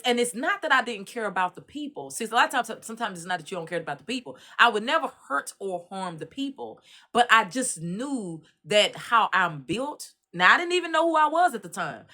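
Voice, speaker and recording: A woman from Dallas with a Texas accent, giving casual commentary and telling animated stories in colloquial Southern speech. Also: medium pitch. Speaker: commentary host.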